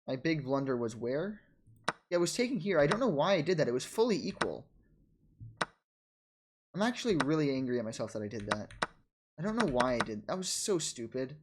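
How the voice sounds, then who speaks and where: A man in a casual chess vlog, narrating his own game in quick bursts and scolding himself for his mistakes. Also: a little high, very animated, a little hiss or hum. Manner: frustrated, self-critical, talks in quick bursts and trails off. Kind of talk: casual self-commentary over a chess game.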